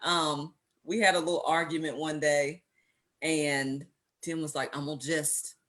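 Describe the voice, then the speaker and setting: A woman's voice: low-pitched, measured pace. A woman being interviewed with her husband, telling a family story and acting out the voices of the people in it. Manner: animated storyteller who quotes herself and others. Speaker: interview guest, wife. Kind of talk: conversational storytelling.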